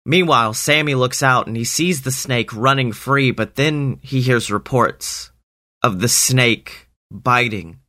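A man telling an improvised parody story in a slow, earnest, deadpan way. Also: mid-range voice.

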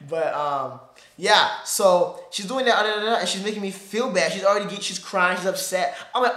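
A man's voice: fairly high pitch, brisk, reverberant. A man hosting a podcast, telling a rambling story in casual slang-heavy chat. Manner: animated, rambling, peppered with slang like "bro". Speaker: podcast host.

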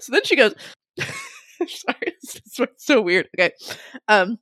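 A young woman telling a funny story in a casual way, animated, laughing often and swearing freely. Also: a little high, a little fast, no echo, studio quality.

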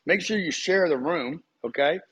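A man's voice: on the high side, normal speed, fairly bright tone, husky. A man speaking as a guest in a live debate room, confident and promotional, urging listeners to join. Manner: confident, promotional, hyping the audience.

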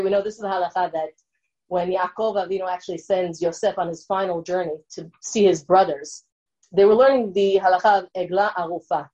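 A woman's voice: medium pitch, warm tone, lo-fi sound. A woman lecturing and answering an audience question in an earnest way, often checking in with her listeners.

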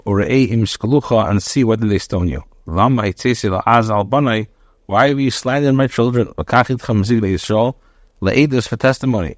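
Rabbi, low voice, Ashkenazi Hebrew reading, phrase-by-phrase translation, dry close sound. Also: male voice, no echo. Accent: Hebrew in traditional Ashkenazi pronunciation. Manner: reads each phrase, then translates it in short bursts. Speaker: rabbi teaching Torah with commentary. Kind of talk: daily Bible lesson, reading verse then translating.

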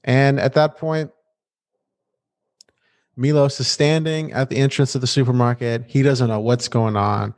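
A man's voice: medium pitch, measured pace, pauses often. A man co-hosting a podcast, recapping a TV episode in a playful, casual way. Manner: animated and playful, with restarts. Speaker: podcast co-host.

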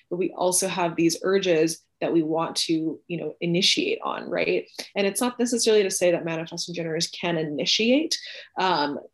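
Chatty woman with a lowish voice. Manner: chatty, frequent "like" and "right?", animated emphasis. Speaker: podcast guest explaining Human Design. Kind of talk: casual explanatory talk.

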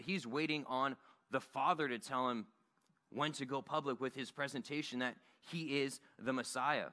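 A man's voice: mid-range voice, fairly even intonation, normal speed, pushed and bright. A man giving a sermon at a Bible study in a church meeting room, earnest and conversational.

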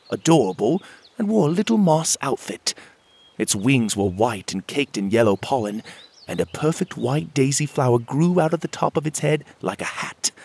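A man narrating a children's audio adventure in an expressive storybook manner. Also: mid-range voice, husky.

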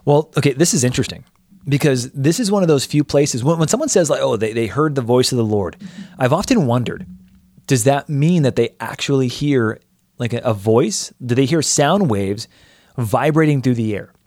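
A man co-hosting a podcast and talking casually through a Bible passage, thinking aloud and animated. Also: medium pitch, normal speed, no echo, clean studio sound. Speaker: podcast co-host, pastor.

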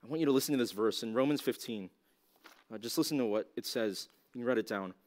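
A man's voice: mid-range voice, quick pace, darkish tone. A man teaching a youth ministry talk in a casual, conversational way, full of "like" and rhetorical questions to his listeners. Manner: casual, conversational, heavy use of "like"; asks the audience rhetorical questions. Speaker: youth pastor.

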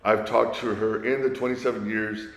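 A man in his forties telling his own story in a conversation, earnest and halting, often restarting his sentences. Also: fairly low pitch, level tone, gravelly. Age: 40s. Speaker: guest. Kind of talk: candid personal storytelling in conversation. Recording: echoey, reverberant room.

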